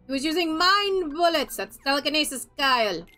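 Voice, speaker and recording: High, bright-voiced excitable woman gamer. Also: moderate pace, soft background music. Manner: excitable and blunt, swears freely. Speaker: gamer host. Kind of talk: casual chat while playing a video game.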